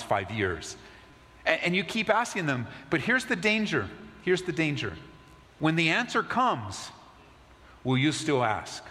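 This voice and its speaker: A male pastor preaching a conversational sermon, dropping low and soft to stress key points. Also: long reverb tail.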